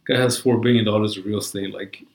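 A man's voice: fairly low pitch, fairly even intonation, fast talker, echoey room, rough recording. A man in casual chat, talking in a rambling, profane way full of "like" and "you know".

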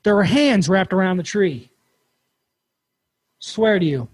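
A man hosting a podcast, telling a campfire story in a casual, animated way and swearing freely. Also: high-pitched, takes it slowly, no room sound. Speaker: podcast host.

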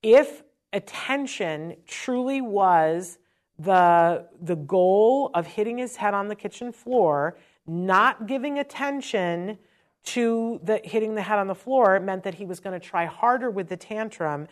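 A woman's voice: mid-range voice, animated, measured pace. A woman speaking earnestly and emotionally, sharing a personal parenting story in a conversational talk about autism.

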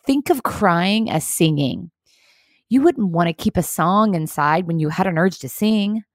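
A woman hosting a leadership video series, giving an earnest, encouraging, measured motivational talk. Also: medium pitch, no room sound, clean studio sound. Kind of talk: scripted motivational talk to camera.

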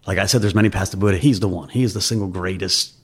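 A middle-aged man, an investment firm chief, telling candid stories in a relaxed interview with frequent restarts. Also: low-pitched, fast, breathy edge. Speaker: investment firm CEO, guest. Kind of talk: conversational interview storytelling.

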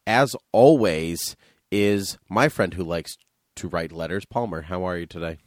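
A man hosting a casual podcast chat, playful and teasing, quick with a joke. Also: deep voice, no room sound, clean studio sound. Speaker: podcast host.

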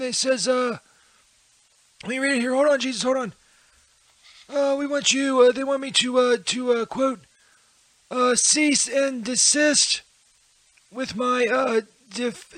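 A man's voice: very high-pitched, a bit bright, dry recording, voice pushed up. A man playing Peter, a jittery, foul-mouthed, whiny comedy character who keeps crying out to Jesus. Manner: frantic, swearing, keeps invoking Jesus. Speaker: comedy character on a live show. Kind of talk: comedy bit.

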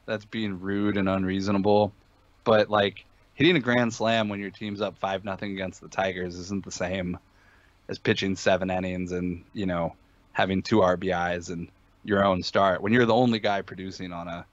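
An opinionated man breaks down sports betting picks in a casual podcast chat. He talks emphatically, with lots of fillers and restarts. His voice sits low, and the recording is dull and dry. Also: no echo.

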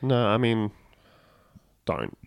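A man co-hosting a podcast, sardonic and crude, with quick joking interjections. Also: lowish voice, big pitch swings, gravelly, dry recording. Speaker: podcast co-host. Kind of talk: casual podcast chat.

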